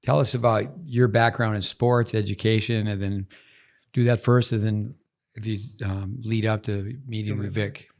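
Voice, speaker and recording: A man's voice: lowish voice, level tone, normal speed. An older man hosting a podcast in casual conversation, teasing his guest and prompting him with questions. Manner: joking, prompting interviewer. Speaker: host.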